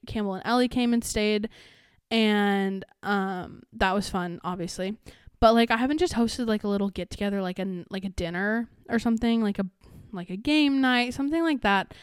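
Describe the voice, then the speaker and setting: A woman's voice: mid-range voice, clear, resonant tone, dry recording, studio quality. A young adult woman hosting her own podcast, talking in a casual, rambling way with many fillers and restarts. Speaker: podcast host. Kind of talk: casual solo podcast chat.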